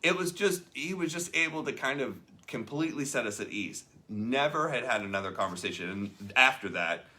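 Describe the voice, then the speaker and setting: A man's voice: medium pitch, lively intonation, normal speed, hardly any pauses, bright, forceful tone. A man hosting a casual talk show, telling a story and acting out the people in it. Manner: chatty storyteller acting out quoted voices. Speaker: host. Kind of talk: casual chat about a leadership book.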